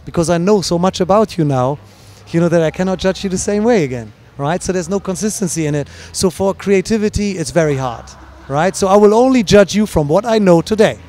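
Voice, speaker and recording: A man's voice: high voice, animated, brisk, a little mellow. A man who judges breakdancing, explaining his judging in an interview with many fillers and restarts. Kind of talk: interview answer, explaining at length. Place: at a dance event.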